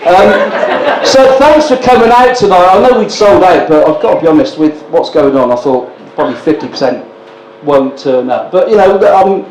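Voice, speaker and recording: A man's voice: a little high, lively intonation, normal speed, hardly any pauses. A man in his sixties hosting a live stand-up comedy night, bantering with the audience in a cheeky, sweary way. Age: 60s. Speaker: stand-up compere. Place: indoor live comedy gig at a brewery. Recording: echoey room with loud background noise.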